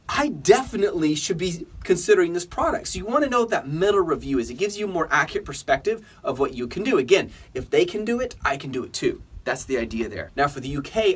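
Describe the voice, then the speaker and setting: A man teaching an online business tutorial in an energetic, emphatic way, often putting questions to his viewers. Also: fairly high pitch, husky. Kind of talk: screen-recorded tutorial.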